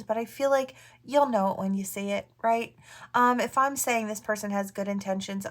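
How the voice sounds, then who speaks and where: A woman giving a casual tarot reading to viewers, musing aloud in a chatty way with soft asides. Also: mid-range voice. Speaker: tarot reader.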